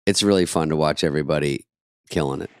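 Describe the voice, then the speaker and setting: Low-voiced wry man chatting. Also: clear, resonant tone, dry recording, clean studio sound. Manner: wry, quick, profane asides. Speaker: podcast co-host. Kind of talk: casual chat.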